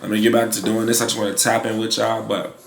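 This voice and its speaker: A man's voice: on the low side, monotone, fast, gravelly, reverberant. A man in his twenties talking casually in a vlog about his clothing brand, laid-back and slangy with lots of fillers. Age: 20s. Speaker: vlogger building a clothing brand.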